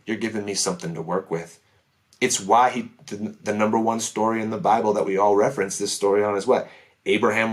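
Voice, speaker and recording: A man speaking as a podcast guest, sharing his testimony in an earnest, emphatic way. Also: on the low side. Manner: earnest, emphatic, many "right?" asides. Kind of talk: casual testimony chat.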